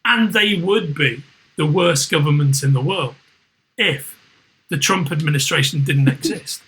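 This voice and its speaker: Circling back and restarting his sentences, this middle-aged Liverpudlian podcast host chats casually and swears without restraint. He talks a little slowly in a fairly high, bright, tense voice. The recording quality is low.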